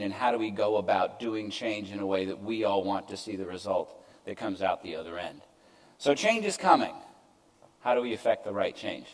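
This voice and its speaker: A man's voice: lowish voice, a little mellow, poor audio. An older man giving a conference presentation to an audience, conversational with self-deprecating asides. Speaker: keynote speaker. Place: event stage before an audience.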